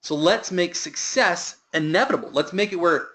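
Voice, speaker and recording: A man's voice: on the high side, expressive, moderate pace, sharp tone. A man giving a motivational sales training talk to a team, with emphatic delivery that lifts and drops.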